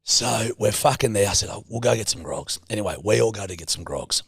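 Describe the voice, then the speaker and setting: A young Australian man co-hosting a podcast, telling stories in an animated way, acting out voices and swearing freely. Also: on the low side, a little fast, gravelly, husky, no room sound, studio quality. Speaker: podcast co-host. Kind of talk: casual chat.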